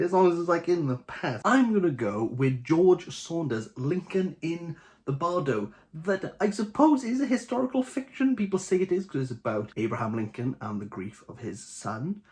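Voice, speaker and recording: A young man with a Welsh Valleys accent, chatting casually and jokily to camera as host of a book channel. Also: on the high side. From Wales. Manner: chatty, jokey, animated.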